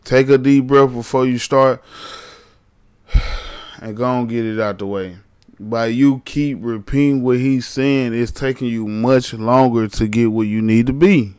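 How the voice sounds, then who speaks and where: A male streamer reacts out loud to clips for his live chat. His voice sits in a middle pitch, and he talks in blunt, slangy bursts. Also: steady tone, a little slow, clean tone. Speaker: streamer reacting to arrest videos. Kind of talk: casual reaction commentary.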